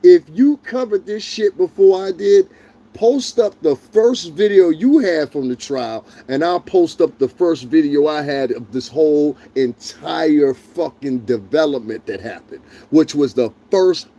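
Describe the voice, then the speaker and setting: A man's voice: a little high, expressive, unhurried, mellow, muffled recording. A man hosting a livestream, ranting in a heated, profane, confrontational way and talking directly to his chat viewers. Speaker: livestream host.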